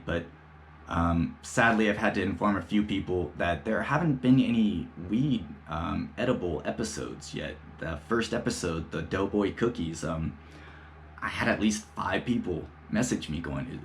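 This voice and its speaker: Male solo podcast host, lower voice, loose and profane, casual chatty delivery. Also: moderate pace, slight background noise. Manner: loose, profane, laid-back storytelling.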